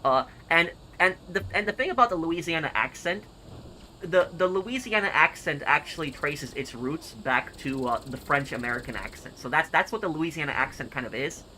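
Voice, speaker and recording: Guy on a stream reading comments, bright voice, keeps restarting his sentences. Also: on the high side, expressive, slight background noise, rough recording. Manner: halting, repeats words and restarts. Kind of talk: casual live-stream chat reading comments.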